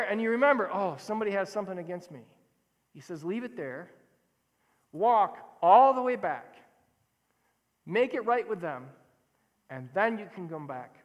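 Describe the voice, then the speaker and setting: A man preaching a sermon as a pastor, in a conversational, animated way that often corrects itself. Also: high voice. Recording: long hall reverb.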